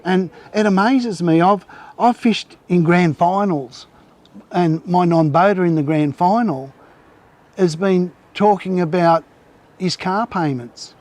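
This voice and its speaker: A man's voice: high voice, takes it slowly, darkish tone. A man telling fishing stories in casual, rambling talk, with many restarts. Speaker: guest angler. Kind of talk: casual storytelling on a live show.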